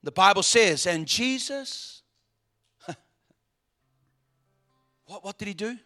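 A male preacher delivering a sermon dramatically, swinging between hushed asides and loud, emphatic calls. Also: high voice, expressive, takes it slowly, creaky, soft background music.

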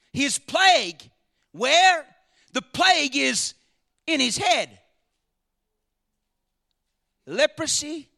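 High, gravelly, dramatic preacher man. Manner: dramatic, swings from shouting to near whisper. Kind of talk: sermon.

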